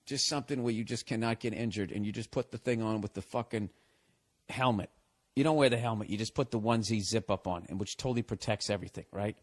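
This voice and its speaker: A man's voice: on the low side, quick pace. A man hosting a podcast, giving listeners blunt advice in a profane, sarcastic comedic rant.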